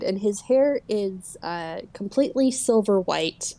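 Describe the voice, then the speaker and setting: Slow, mellow-voiced woman game master. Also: mid-range voice, animated. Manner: slow, hesitant narration full of filler uhs. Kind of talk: narrating a tabletop game.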